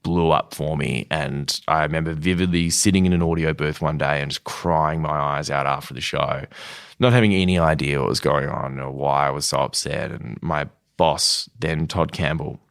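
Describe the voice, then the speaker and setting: Australian male guest, 30s, deep voice, candid storyteller who laughs easily. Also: moderate pace, vocal fry. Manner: relaxed, frank, laughs while telling stories. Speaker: podcast guest.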